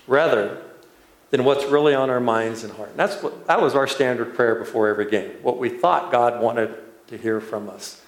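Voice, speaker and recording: A man preaching a sermon, telling a personal story in an unhurried, storytelling way. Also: medium pitch. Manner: unhurried storytelling, building to laughter. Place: church. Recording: echoey church room.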